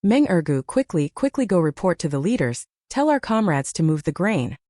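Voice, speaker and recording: Woman doing a thirty-something army cook guy, hurried and excited, mellow tone. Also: lowish voice, no echo, clean studio sound. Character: kind male army cook in his thirties.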